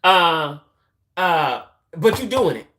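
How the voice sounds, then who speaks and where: A woman's voice: big pitch swings, takes it slowly, a bit bright. A middle-aged woman, hosting a loose, casual live-stream chat with her viewers. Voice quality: deep voice. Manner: chatty, loose, repeats herself, talks to viewers as y'all. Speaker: YouTube channel host.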